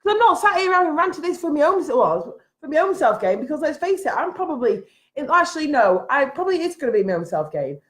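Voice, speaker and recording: A woman's voice: high-pitched, sing-song, quick pace. A woman vlogger at home giving a frustrated, emphatic rant to camera, repeating her points. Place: at home, having just got out of bed.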